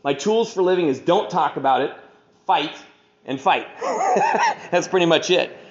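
A man telling his life story to an audience in a rambling way, full of "you know", with dark humor. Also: a little high, animated, normal speed, lo-fi sound. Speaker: speaker sharing his recovery story.

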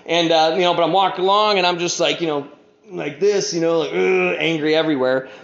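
A man's voice: fairly high pitch, steady tone, brisk, a bit bright. A man telling a personal recovery story in a rambling, casual way, often saying "you know" and acting out what others said. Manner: rambling, heavy on "you know", acts out quoted people. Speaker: speaker sharing his recovery story. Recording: echoey room, dull lo-fi sound.

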